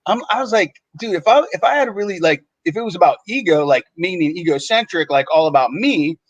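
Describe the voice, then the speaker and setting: A man's voice: high voice, expressive, brisk, no echo. A man, a podcast co-host, telling a story in casual chat and acting out other people's lines in shifting voices. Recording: dull lo-fi sound.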